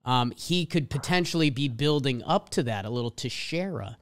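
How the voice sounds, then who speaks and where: Lively Boston-accented man reading stats. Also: medium pitch, normal speed. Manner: reads stat lines with emphatic swings. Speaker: podcast co-host. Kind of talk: casual sports chat.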